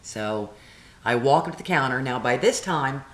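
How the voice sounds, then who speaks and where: A woman vlogger telling a story casually, animated and exasperated as she acts out both sides of the conversations. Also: rumbling low, fairly quick. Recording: roomy echo.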